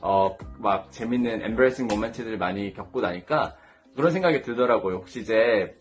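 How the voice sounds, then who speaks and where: Over soft background music, a young man from South Korea races through funny storytime anecdotes in Korean-accented English. His voice is on the low side, and he laughs while acting out the characters.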